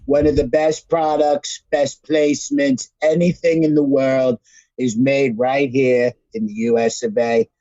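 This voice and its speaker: A man impersonates a blustering politician who drags out grand, repetitive slogans at a slow crawl. The voice sits slightly high yet sounds dark and mellow. The recording is dull and lo-fi, with a dry, close sound. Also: flat delivery, dry recording, close to an everyday voice. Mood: pompous. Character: impression of a blustering male politician giving a rally speech.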